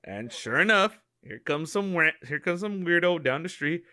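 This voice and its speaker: A young man co-hosting a podcast, telling stories in a lively way and acting out the people in them. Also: a little high, moderate pace. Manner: animated, acts out other people's voices in quotes. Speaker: podcast co-host. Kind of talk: casual storytelling chat.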